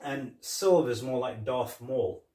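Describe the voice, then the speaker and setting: A man's voice: mid-range voice, slow pace, warm tone. A man co-hosting a podcast, casually chatting and retelling movie scenes with quoted lines and laughs. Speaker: podcast co-host. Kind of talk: casual chat. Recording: roomy, from a distance.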